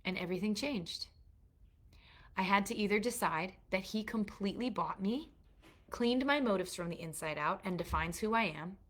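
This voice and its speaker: A middle-aged woman teaches a course for mothers to a live online group, sharing her faith in an earnest, confessional way and checking in with her listeners. Her medium-pitched voice is expressive and moves at a normal speed.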